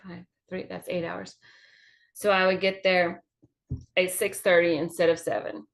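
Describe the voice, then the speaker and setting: A woman's voice: lowish voice, flat delivery, gravelly. A woman from Georgia with a Southern accent, a comedian telling a chatty, profane story over drinks. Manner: chatty, profane, quick anecdotes. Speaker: comedian guest.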